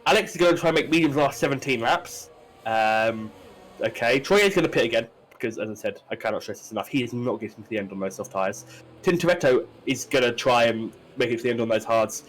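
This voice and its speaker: A man's voice: medium pitch, animated, fast talker, a bit bright, slight background noise, low-quality recording. A man giving chatty live commentary on a sim race, with many fillers and restarts.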